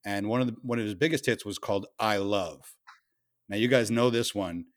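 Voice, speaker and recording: A man co-hosting a casual podcast chat, telling stories with animated bursts and frequent laughs. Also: lowish voice, a little fast. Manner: storytelling, animated, laughs often. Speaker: podcast co-host.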